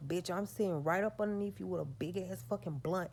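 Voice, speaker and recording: Woman vlogger, low gravelly voice, profane, emphatic storyteller. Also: brisk, few pauses, a little mellow. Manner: profane, emphatic, talks straight to her audience. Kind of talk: storytelling to her viewers.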